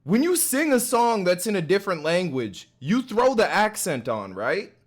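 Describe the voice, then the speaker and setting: A man's voice: high voice, big pitch swings, moderate pace. A man streaming casually, reacting to a video in loose slangy talk full of fillers and laughs. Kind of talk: casual chat.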